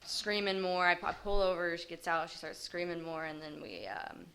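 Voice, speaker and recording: A woman telling her life story in a personal testimony, halting and hesitant with frequent pauses. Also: on the low side, lively intonation, a bit bright. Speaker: recovery group member sharing her story.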